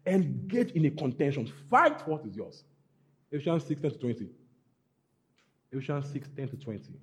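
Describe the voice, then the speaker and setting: A man preaching a sermon, emphatic and repetitive, building to loud exhortations. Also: medium pitch, very animated, normal speed. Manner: emphatic, repeats phrases, rising to loud exhortations. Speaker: pastor.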